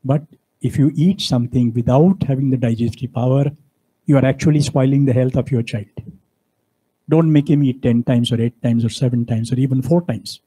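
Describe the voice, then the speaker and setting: A man's voice: medium pitch, fairly even intonation, a little fast, dark tone, husky, poor audio. Emphatic man lecturing students. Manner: emphatic, preachy, fond of rhetorical questions. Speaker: guest speaker. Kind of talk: university lecture.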